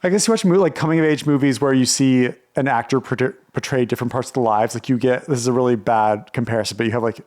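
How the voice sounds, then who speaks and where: A man's voice: medium pitch, fast talker, hardly any pauses, darkish tone. A man co-hosting a casual podcast chat, rambling and full of "like" and restarts. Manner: rambling, heavy use of "like", frequent restarts. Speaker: podcast co-host.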